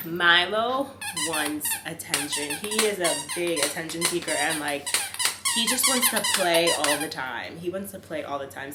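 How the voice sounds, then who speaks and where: A young woman chatting casually to camera with lots of fillers, giving tips and talking to her dog. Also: low-pitched. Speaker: vlogger. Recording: echoey room, faint room noise.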